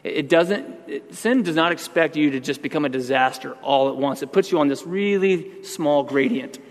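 A man's voice: on the high side, moderate pace, big-room sound. A man pastor giving a sermon, talking conversationally and then building to emphatic outbursts.

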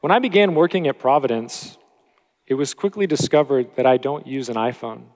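A man preaching a steady expository sermon as pastor, with occasional self-corrections. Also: mid-range voice, fairly quick. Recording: long hall reverb.

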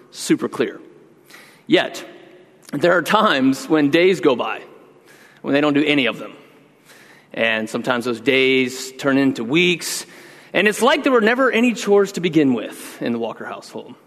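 A middle-aged man preaching a sermon, telling animated stories about scolding his kids at home. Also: on the high side. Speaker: pastor. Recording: long reverb of a large hall.

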